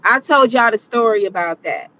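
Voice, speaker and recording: Casual vlogger, woman in her late thirties, high-pitched, chatty and laughing as she acts out family stories. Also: animated, moderate pace, bright, forceful tone, muffled recording, slight background noise. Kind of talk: casual storytelling.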